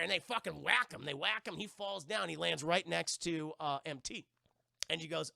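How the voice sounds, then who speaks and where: A man with a high, gravelly voice gives a live-streamed episode review, talking straight to his chat. He recaps the scenes with constant swearing and jumps into the characters' lines as he goes. His tone is bright and edgy, and the sound is close and dry. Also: brisk, no echo. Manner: animated, profane recap that acts out the characters' lines; addresses the stream chat directly.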